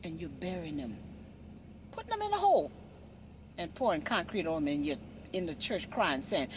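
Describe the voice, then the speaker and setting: A woman delivering an impassioned monologue, preachy and emphatic, often asking "you see?" and dropping from loud to hushed. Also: low-pitched, sing-song, normal speed, a little hiss or hum. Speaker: social media commentator.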